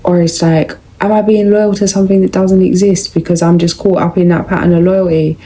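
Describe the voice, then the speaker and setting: A woman's voice: on the low side, flat delivery, a little fast, dark tone, a little hiss or hum, low-quality recording. Chatty woman reading tarot. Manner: chatty, rambling, full of "like" and slang. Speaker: tarot reader.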